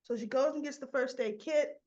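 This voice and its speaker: A woman casually recapping a soap opera episode, acting out the characters' lines, with a cough and frequent throat clearing. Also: high voice, moderate pace, a little mellow, highs cut off. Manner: chatty, acts out characters' lines in quotes.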